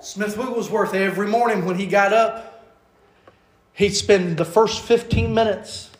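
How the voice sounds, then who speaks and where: A man preaching a sermon as an evangelist, fervent, rising to loud bursts and then dropping soft. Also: high voice, steady tone, measured pace. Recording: echoey room.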